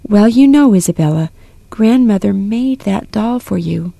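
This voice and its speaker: A woman voicing a calm, gentle mother speaking reassuringly. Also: medium pitch, measured pace, gravelly, no room sound.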